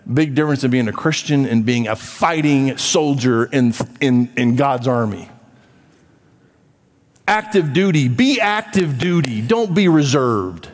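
A man preaching a sermon as pastor, emphatic, dropping to low asides and rising to loud urging. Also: long reverb tail. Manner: emphatic, swings from low asides to raised exhortation. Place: church.

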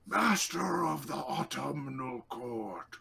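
A man's voice: medium pitch, animated, slow pace, gravelly, pushed and bright, pitched above the performer's own voice, full character voice. A man voicing a haughty male fey lord of an autumn court who bellows imperious challenges.

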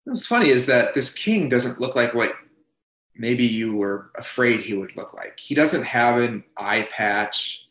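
Male pastor, storytelling sermon, voices the characters, mid pitch, echoey church room. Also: lively intonation, unhurried, fairly bright tone. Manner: retells a story vividly, voicing the characters' lines, with some restarts. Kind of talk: sermon, second-person storytelling.

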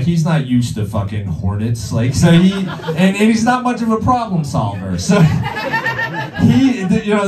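A young man doing a stand-up routine on a comedy club stage, crude and rambling with lots of filler words. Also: sits high. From Long Island, New York. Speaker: stand-up comic. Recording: roomy club sound, heard from a distance.

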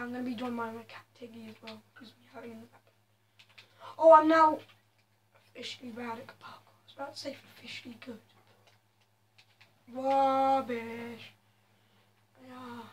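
A woman's voice: a little high, steady tone, fairly quick, pauses often, a little hiss or hum. A woman chatting over her own gameplay, mocking her own skill and breaking into sudden exclamations. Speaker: gaming video host. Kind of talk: casual gameplay commentary.

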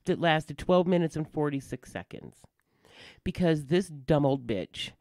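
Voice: mid-range voice, lively intonation, unhurried, darkish tone, no echo. A podcast co-host chatting casually and venting bluntly about difficult customers, with plenty of swearing. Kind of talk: casual chat.

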